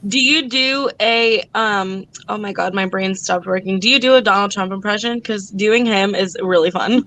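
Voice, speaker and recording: A woman's voice: medium pitch, normal speed, a bit bright. A woman chatting on a live stream, playful and laughing, reading comments out. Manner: playful, laughs a lot, reads chat comments aloud. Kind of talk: casual live-stream chat.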